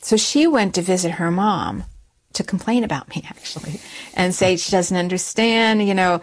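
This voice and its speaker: A middle-aged woman telling a personal story in an interview, animated and often restarting her words, jumping higher when she quotes herself. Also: normal speed. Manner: animated, rises high when quoting herself; frequent restarts and repeated words.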